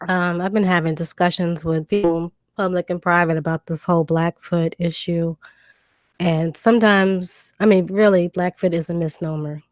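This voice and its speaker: A chatty woman with a lowish, steady voice talks at normal speed in a dry, studio-quality recording from a new desk microphone, with a cough drop in her mouth. On a casual livestream, she reads out viewers' questions and answers them, with lots of ums and restarts.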